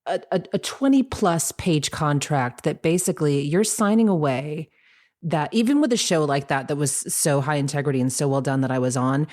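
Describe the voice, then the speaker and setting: A woman's voice: deep voice, normal speed, a little mellow. A woman hosting an interview podcast, talking in a chatty way and often restarting her questions as she goes. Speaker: podcast host. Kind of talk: casual interview chat.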